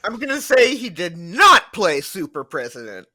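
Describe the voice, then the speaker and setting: Podcast co-host guy, high bright voice, takes his time w short answers. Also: huge pitch swings, moderate pace, no echo, studio quality. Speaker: podcast co-host playing a quiz. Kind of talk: casual podcast chat.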